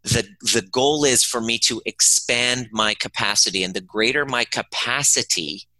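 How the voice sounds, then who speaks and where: Bright-voiced, earnest man, dry close mic. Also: medium pitch, moderate pace, dry recording, low-quality recording. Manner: earnest, emphatic, acts out dialogue in his stories. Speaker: podcast guest, emotional healing teacher. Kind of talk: conversational interview, storytelling.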